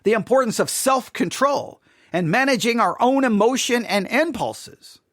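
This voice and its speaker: A man's voice: extremely high pitch, expressive, moderate pace, a bit bright, dry recording, studio quality. A man giving informal Bible teaching in an earnest, emphatic way, often repeating and restarting phrases.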